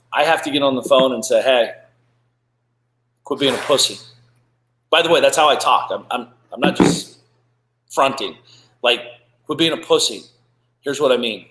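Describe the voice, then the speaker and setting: A man hosting a live business talk show, blunt and profane, talking in an animated way and throwing in "boom" and "blah, blah". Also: echoey room, rough recording. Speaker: podcast host.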